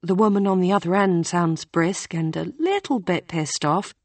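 A woman reading a novel aloud in measured scripted narration. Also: on the low side, a little mellow, dry recording. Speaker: audiobook narrator.

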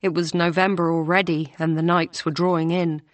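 A woman reading a novel aloud in an even, measured storytelling manner. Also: fairly low pitch, dry recording. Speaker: audiobook narrator. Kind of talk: scripted narration.

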